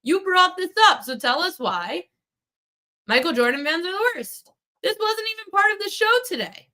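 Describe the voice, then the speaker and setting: A woman's voice: extremely high pitch, very animated, normal speed, pushed and bright. A woman hosting a sports betting podcast, ranting heatedly at a commenter in a live chat. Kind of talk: live-stream betting talk.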